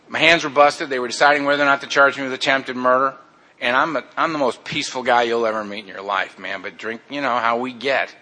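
A man's voice: mid-range voice, pushed and bright. A man candidly telling his own recovery story in a casual, blunt way, often calling his listeners "man". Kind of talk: personal testimony, casual storytelling.

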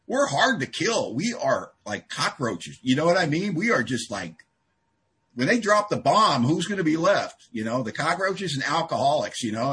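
A man speaking at a recovery meeting, telling a personal story with big swings from low mutters to loud outbursts. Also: big pitch swings, fairly quick. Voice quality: very husky. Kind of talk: storytelling talk.

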